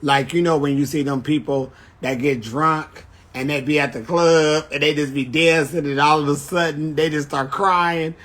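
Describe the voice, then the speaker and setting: A man's voice: fairly high pitch, fairly even intonation, moderate pace, hardly any pauses, fairly bright tone. A man chatting casually on a phone livestream, telling brash, profane stories. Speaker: drag performer on a livestream.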